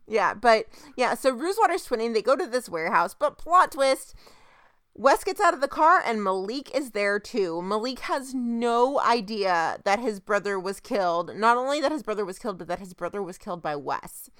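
A young woman casually recapping a TV episode as a podcast co-host, telling the plot in an animated, chatty way. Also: fairly high pitch, normal speed, no room sound, clean studio sound. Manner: chatty, animated retelling with quoted voices. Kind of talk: casual chat.

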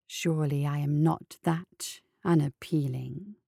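A woman voicing a foul little man who courts a flower girl with slow, smooth words and snarls when crossed. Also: deep voice, steady tone, dark tone, no echo, studio quality, pitched below the performer's own voice, heavily acted. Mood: oily persuasion. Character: oily, menacing little man, a suitor.

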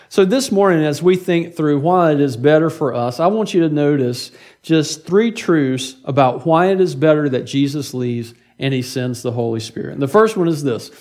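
A man's voice: a little high, normal speed, a little mellow. A middle-aged man preaching a sermon as pastor, in a conversational way, often repeating words and asking "right?".

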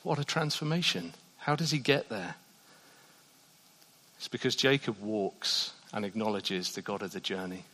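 A man preaching a sermon in a church, shifting between soft, hushed passages and loud, emphatic ones. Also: lowish voice, a little slow, pauses often. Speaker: pastor. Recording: long reverb of a church hall.

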